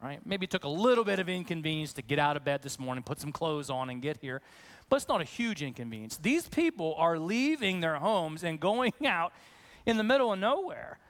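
Man, high voice, pastor, conversational sermon, animated. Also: a little fast. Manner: conversational, animated, acts out questions.

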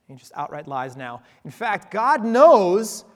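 A man's voice: high voice, very animated, measured pace, long reverb tail. A man preaching a sermon in a church, talking conversationally with playful asides to the congregation. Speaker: pastor.

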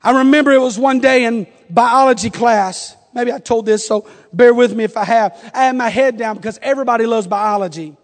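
High-voiced male preacher in a reverberant church. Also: brisk, few pauses. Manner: conversational storytelling with humorous asides. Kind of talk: sermon. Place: church sanctuary. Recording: long hall reverb.

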